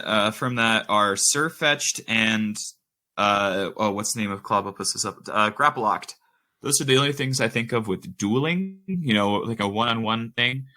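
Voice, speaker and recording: A man's voice: mid-range voice, bright, forceful tone. A man on a casual podcast, thinking aloud with lots of fillers while he works out quiz answers. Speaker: podcast host.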